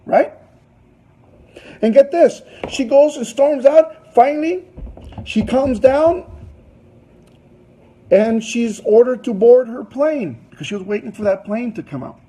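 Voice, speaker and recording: Husky-voiced man telling an anecdote. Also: extremely high pitch, takes it slowly, long pauses, warm tone, poor audio. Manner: loose, chatty telling full of fillers and asides. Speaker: business presenter. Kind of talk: anecdotal storytelling to an audience.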